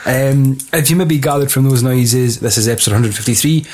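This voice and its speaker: A man's voice: medium pitch, steady tone, brisk, a little mellow. A Scottish man hosting a film podcast in casual, joking, sweary chat with lots of fillers. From Scotland. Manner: joking, laughs a lot, many fillers. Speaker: podcast host.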